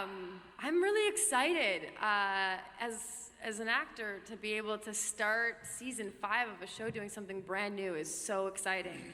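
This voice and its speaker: Woman actress on stage, bright voice, hesitant, lots of ums, echoey hall. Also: medium pitch. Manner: thoughtful, hesitant, many fillers. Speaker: actress on a panel. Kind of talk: panel answer. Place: large convention hall.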